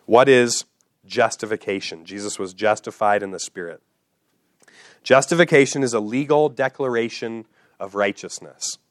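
A man's voice: fairly low pitch, moderate pace, no echo, clean studio sound. A male pastor preaching a teaching sermon, emphatic and repeating key phrases so they stick.

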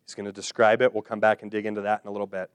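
A male pastor preaching a sermon, speaking directly to his listeners with questions and slowing down to repeat key phrases with emphasis. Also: lowish voice, little pitch movement, clear, resonant tone, dry recording. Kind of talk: expository sermon.

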